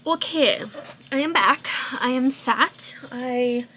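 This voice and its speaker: A woman's voice: high-pitched, slow pace, pushed and bright, slight background noise. A woman vlogging casually from her desk at home, bubbly, laughing often and swearing when annoyed. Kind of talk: casual chat.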